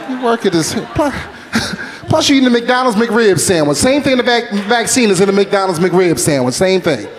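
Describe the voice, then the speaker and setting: High-voiced comedian in his forties. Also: normal speed, noisy background. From North Philadelphia, USA. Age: 40s. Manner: loose, animated storytelling, peppered with "man". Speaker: stand-up comedian. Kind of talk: stand-up comedy set. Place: comedy club stage.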